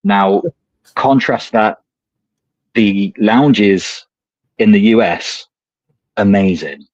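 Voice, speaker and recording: A man's voice: on the low side, big pitch swings, drawn-out words, creaky, darkish tone, no echo, highs cut off. A man co-hosting a podcast, telling rambling anecdotes in casual chat and swearing freely. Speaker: podcast co-host. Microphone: remote streaming call.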